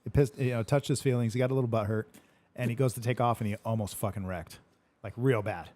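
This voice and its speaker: Fast-paced male podcast host, casual and profane, animated retelling. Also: medium pitch. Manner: swears a lot, retells arguments animatedly. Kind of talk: casual chat.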